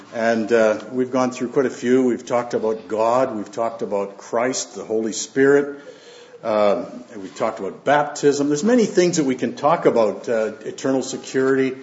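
Male pastor, mid-pitched, unhurried sermon with scripture readings and asides, roomy dull church recording. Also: darkish tone, slight background noise. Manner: unhurried, with fillers and asides between verses.

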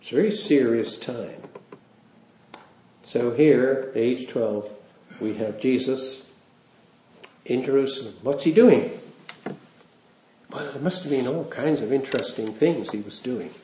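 A man's voice: mid-range voice, a little slow, long pauses, warm tone, a little hiss or hum. A man preaching a sermon in a conversational way, with wry asides and small chuckles. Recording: roomy, dull lo-fi sound.

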